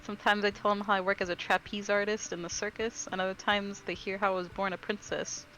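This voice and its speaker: A woman playing an evasive, fanciful saloon dancer, hesitant with pauses. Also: mid-range voice, a bit bright, a little hiss or hum, close to an everyday voice, low-quality recording.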